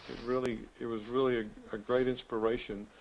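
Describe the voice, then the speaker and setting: A man's voice: mid-range voice, flat delivery, brisk, a little hiss or hum. A man hosts an online real estate coaching call, talking in a folksy, rambling, chatty way. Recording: tinny phone-like web call audio.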